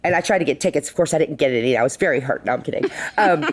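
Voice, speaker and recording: Low-voiced woman telling a lively story. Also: very fast. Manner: animated, acts out quotes, says "like" a lot. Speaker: bar co-owner, guest. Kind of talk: casual storytelling. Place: podcast studio.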